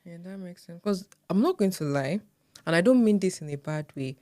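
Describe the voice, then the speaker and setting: A woman chats in a relaxed podcast conversation, with a slightly low voice. The sound is dry and close, and she often murmurs along in agreement. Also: brisk, dry recording. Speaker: podcast co-host. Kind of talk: casual chat.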